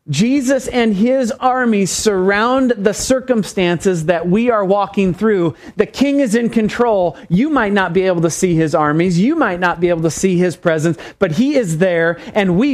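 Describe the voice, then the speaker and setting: A man preaching a sermon as pastor, emphatic, repeating phrases and calling for amens. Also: high voice.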